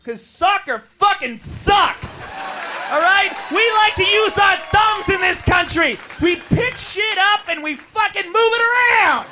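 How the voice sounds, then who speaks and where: An American man doing a profane, shouting stand-up rant, recorded live in a comedy club. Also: extremely high pitch, lively intonation, slow, loud music behind the voice. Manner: profane, shouting, mocking voices. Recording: live club with crowd and noise.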